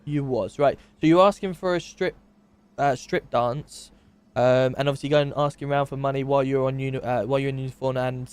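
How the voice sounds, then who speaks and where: A man's voice: mid-range voice, steady tone, brisk, a little mellow, clean tone, natural voice. A man playing a methodical male police interviewer in a game role-play, carefully recapping and double-checking each detail.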